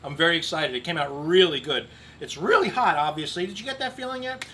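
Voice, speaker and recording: A man's voice: a little high, lively intonation, fast, bright, forceful tone, a little hiss or hum. A middle-aged man hosting a grill cooking video outdoors, chatting upbeat and joking to camera. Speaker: grill cooking show host. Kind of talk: casual cooking demo to camera.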